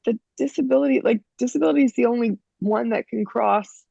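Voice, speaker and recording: Frank, emphatic gravelly woman. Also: a little high, brisk, mellow, dry recording, dull audio. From Canada. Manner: frank, emphatic, many restarts and "you know". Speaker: interview guest. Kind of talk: casual interview talk.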